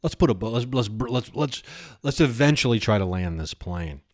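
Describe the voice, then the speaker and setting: A man's voice: medium pitch, expressive, normal speed. A man hosting a podcast in a rambling, improvised comic monologue, often breaking into giggles and chatting to imaginary characters. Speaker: podcast host.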